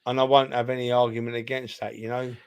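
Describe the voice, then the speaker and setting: The audio is dull, and the co-host's medium-pitched voice comes out fast with a flat delivery. A little drunk during a casual football chat, he rambles, stresses his points, and calls the other host "son" again and again.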